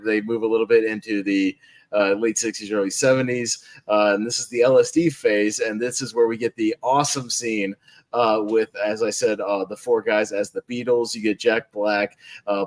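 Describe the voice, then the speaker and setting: A man's voice: lowish voice, no room sound. A man hosting a podcast, chatting casually about a movie. He rambles with many fillers and laughs often. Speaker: podcast host. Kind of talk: casual film discussion.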